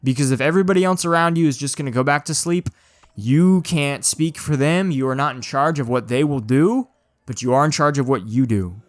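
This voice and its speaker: A man's voice: mid-range voice, fairly quick, no room sound. A man hosting his own video channel, talking to the camera in an urgent, informal way and often dropping "dude" and "man". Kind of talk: casual monologue to camera.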